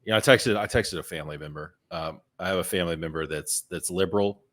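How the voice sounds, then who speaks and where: A man with a very low voice talks through a relaxed podcast conversation. He tells stories at an easy pace and stumbles over repeated words as he gathers his thoughts. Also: fast. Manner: repeats words while hunting for a thought, storytelling. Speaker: podcast co-host. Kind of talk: casual chat.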